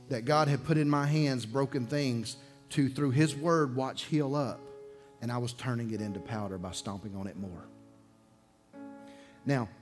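A male pastor from preaches a sermon in a mid-pitched voice, swinging from loud, raised bursts to hushed, low confessions. Soft guitar plays faintly behind him. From Alabama.

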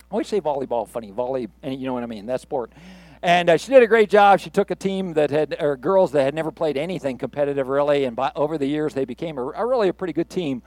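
A middle-aged pastor delivers a sermon with a fairly high voice, speaking conversationally and with humor before building to rousing emphasis. The sound is dry and close, with no room echo. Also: male voice, animated, fast talker, a little mellow.

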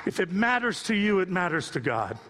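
A man in his sixties preaching a sermon off the cuff, moving from quiet storytelling to impassioned rising appeals. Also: high-pitched, sing-song, a little fast, long reverb tail, crowd noise, noisy background. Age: 60s. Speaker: pastor.

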